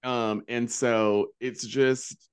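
A man's voice: medium pitch, flat delivery, extremely slow, clear, resonant tone. A man co-hosting a podcast with sassy, campy banter in casual chat. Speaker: podcast co-host.

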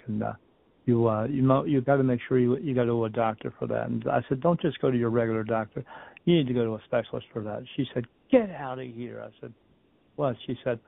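A man with a gravelly, fry-laced voice talks through a remote interview, drifting from point to point and playing out little scenes. The sound is narrow and tinny, like a phone call. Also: mid-range voice. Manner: rambling storyteller, repeats and restarts, acts out quotes. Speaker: medium, podcast guest. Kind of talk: casual interview talk.

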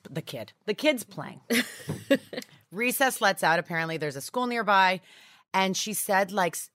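A woman's voice: on the low side, no echo, studio quality. A woman in her thirties chatting as a podcast guest, telling stories in a bubbly way with lots of fillers. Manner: bubbly storyteller, lots of likes. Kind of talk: casual chat.

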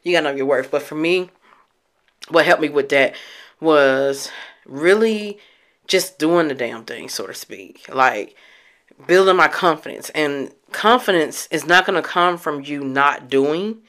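A woman's voice: deep voice, expressive, unhurried, fairly bright tone. A young adult woman talking candidly to her viewers about her healing journey, teary from having just cried. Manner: candid, emotional, speaks straight to her viewers. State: teary from recent crying. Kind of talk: casual heartfelt talk to camera.

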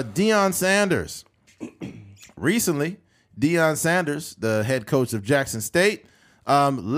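A man from California hosting a podcast, telling stories in a profane, animated way. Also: mid-range voice. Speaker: podcast host. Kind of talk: casual podcast chat.

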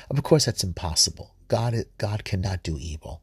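A man's voice: low-pitched, animated, normal speed, hardly any pauses, breathy edge, no echo. A man giving informal scripture commentary, earnest, often repeating words and restarting sentences. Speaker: Bible study host.

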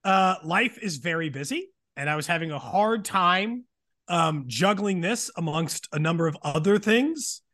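A man's voice: high-pitched, unhurried. A man in his thirties, a departing podcast co-host, chatting casually and laughing at himself. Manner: laughing, self-deprecating, lively. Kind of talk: casual banter.

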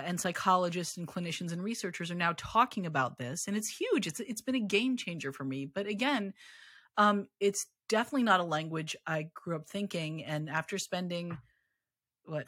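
A woman in her forties talks as an interview guest in a candid, self-deprecating way. Her voice sits a little low but cuts through bright and edgy, with a husky grain. The sound is close and dry. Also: no echo. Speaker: podcast guest. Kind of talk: conversational interview.

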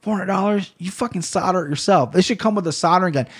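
A man talking to camera in a casual solo rant, rambling and cursing freely, with bursts of loud mock outrage. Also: sits high, fast talker, slightly rough. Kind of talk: casual solo rant about gear and fight news.

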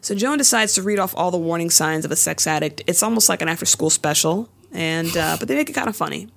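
A woman's voice: fairly low pitch, fast talker, vocal fry. A woman co-hosting a podcast, casually recapping a TV episode and acting out the characters' lines. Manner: animated storytelling, acts out lines in quotes. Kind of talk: casual chat.

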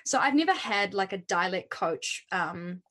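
A woman's voice: mid-range voice, expressive, a little slow, a bit bright. A young woman with a New Zealand accent, a musical theatre performer chatting as an interview guest, filling her talk with likes and ums. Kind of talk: casual interview chat.

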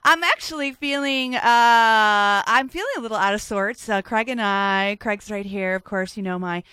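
A woman's voice: medium pitch, moderate pace, bright, forceful tone, smooth, no echo. A woman hosting a comedy music radio show, chatting casually with crude jokes and many filler words. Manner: playful, crude joking with frequent fillers.

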